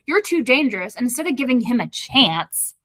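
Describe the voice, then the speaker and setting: Podcast co-host, woman, bright and lively, recaps the plot with acted-out quotes; close, dry mic. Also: fairly high pitch, brisk, no echo. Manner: animated retelling, acting out characters' lines. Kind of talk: casual book club chat.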